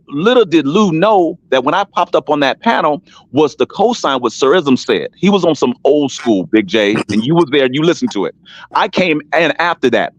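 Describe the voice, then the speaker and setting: A man's voice: fairly high pitch, no echo. A man talking on an online panel show, telling a long story with emphasis, restarts and repeated names. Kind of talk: casual live-stream panel talk. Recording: dull lo-fi sound, dry.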